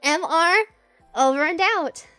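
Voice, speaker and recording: A woman's voice: extremely high pitch, slow, dry recording, faint music behind. A young woman hosting a gaming video, reading a game's narration aloud and cracking jokes back at the characters. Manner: animated, joking, talks back to the characters. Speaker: gaming channel host. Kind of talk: reading a game aloud with live commentary.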